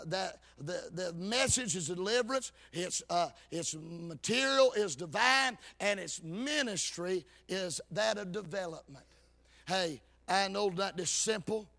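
A man preaching a fervent sermon, his lines rising into half-sung, shouted peaks. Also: high-pitched, creaky.

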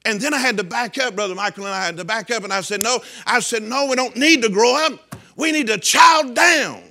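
A middle-aged man preaching a sermon, swinging from loud shouts down to quiet, hushed lines. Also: sits high, fast talker, gravelly. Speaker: pastor.

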